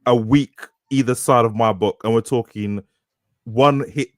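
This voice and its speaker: A man's voice: mid-range voice, unhurried, dry recording, clean studio sound. A man co-hosting a podcast, rambling through stories, laughing often and restarting his sentences. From Britain. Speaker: podcast co-host. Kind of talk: casual chat.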